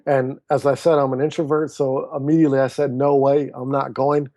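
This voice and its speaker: In a casual podcast interview, a man in his thirties, an author and speaker, shares his story as an animated storyteller who acts out quoted dialogue. He speaks briskly in a mid-range voice, with no room sound.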